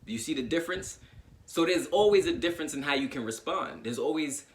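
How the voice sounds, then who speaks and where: A man's voice: a little high, animated, fairly quick. A man talking informally to his viewers in a motivational monologue, repeating his points and often checking in with "right?". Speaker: self-help YouTuber.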